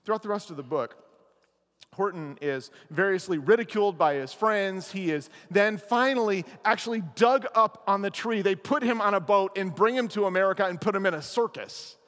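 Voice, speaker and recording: Male pastor, high voice, animated playful sermon, long echo of a chapel. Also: normal speed. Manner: animated, playful storytelling with asides.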